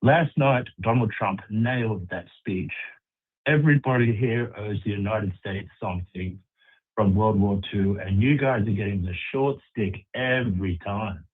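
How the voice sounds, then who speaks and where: Australian male caller, low and slightly husky, on a thin phone line. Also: a little slow.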